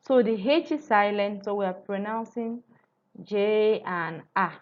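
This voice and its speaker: A woman's voice: mid-range voice, unhurried, highs cut off. A woman teaching a language lesson, patiently repeating and drilling forms aloud, recorded on a computer mic. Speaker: French teacher.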